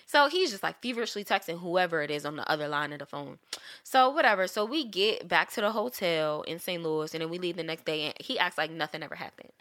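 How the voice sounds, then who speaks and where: A young woman recounting a breakup story in loose, casual chat. Her voice is bright and forward. She swears freely and breaks into laughter as she goes. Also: fairly low pitch, fast talker. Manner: animated, profane, laughing storyteller.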